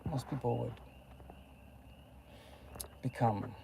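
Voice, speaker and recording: Gravelly young man rambling in a car. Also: mid-range voice, slow, noisy background. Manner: excitable, jumps between topics, swings from loud to murmured. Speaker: vlogger. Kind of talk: rambling casual monologue. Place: inside a car.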